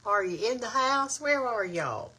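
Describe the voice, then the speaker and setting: Chatty husky Alabama woman. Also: on the high side, expressive, a little slow, bright, forceful tone. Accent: Southern US (Alabama). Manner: chatty, greets viewers by name, says y'all. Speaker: cooking show host. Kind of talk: casual livestream cooking chat. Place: home kitchen.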